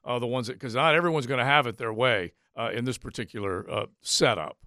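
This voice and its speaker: A man's voice: mid-range voice, brisk, pushed and bright, no room sound, clean studio sound. A man co-hosting a sports radio show with wry jokes and easy agreement. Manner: wry, agreeable, joking asides. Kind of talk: casual sports talk. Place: radio studio. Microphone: studio mic.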